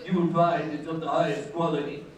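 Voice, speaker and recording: A man's voice: on the high side, level tone, a little fast, slight background noise, lightly acted. A man putting on a prim, formal voice to play a pompous college man, in an echoey hall recorded from a distance. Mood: haughty.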